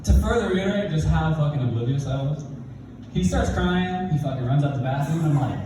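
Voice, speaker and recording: A young man telling a stand-up story, animated, jumping into high and low voices for the people he quotes. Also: fairly quick, background noise. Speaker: stand-up comedian. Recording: roomy hall, mic from a distance.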